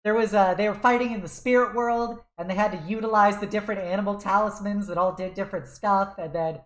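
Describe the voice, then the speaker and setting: A woman's voice: mid-range voice, fairly even intonation, fast talker. A young woman streaming a game, chatting casually in a rambling way and laughing often. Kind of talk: casual chat while gaming. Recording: roomy echo.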